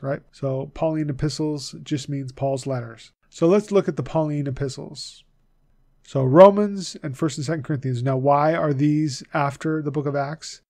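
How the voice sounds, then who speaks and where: A man giving a video lesson, patiently drilling a list and repeating names slowly so viewers can learn them. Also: a little high, darkish tone, no room sound, studio quality. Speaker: Bible teacher.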